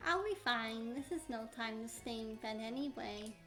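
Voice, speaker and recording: Woman reading a frail young heroine, earnest, a bit high, game music behind. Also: moderate pace, lightly acted.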